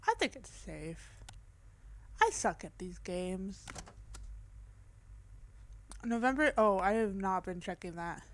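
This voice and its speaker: A woman's voice: medium pitch, lively intonation, slow, long pauses. A young woman gamer giving casual, chatty let's-play commentary on a horror game, reacting as she goes and joking at her own expense. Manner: chatty, reactive, self-deprecating.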